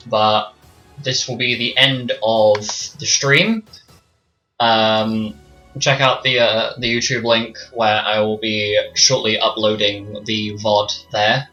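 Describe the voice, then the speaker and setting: A man's voice: on the low side, steady tone, slow, pushed and bright. A man running a tabletop game on stream as game master, narrating attacks and rolls in a casual, swearing manner, muttering to himself between turns. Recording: slightly dull streamed audio with faint music.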